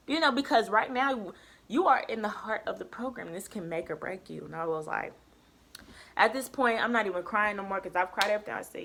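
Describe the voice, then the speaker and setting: Young woman vlogger, emphatic casual storytime, mid-pitched voice. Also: fairly quick. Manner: emphatic, lively retelling with quoted dialogue.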